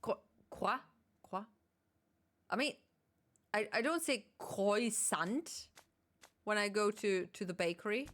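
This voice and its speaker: German-accented woman, game streamer, slow, chatty self-corrections. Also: mid-range voice, animated, a bit bright. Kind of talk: casual game commentary.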